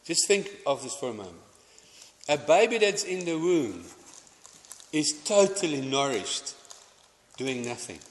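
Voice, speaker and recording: A man's voice: fairly high pitch, sing-song, measured pace, long pauses, a little hiss or hum. A man preaching a sermon, chatty and anecdotal, often restarting his sentences. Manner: conversational, anecdotal, stumbling restarts, mixing in Afrikaans phrases. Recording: long hall reverb.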